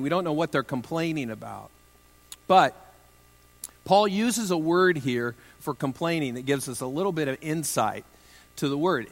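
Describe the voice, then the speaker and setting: A man's voice: on the high side, fairly bright tone, in a large hall. A pastor preaching a sermon in a conversational, humorous way, with joking asides to his listeners.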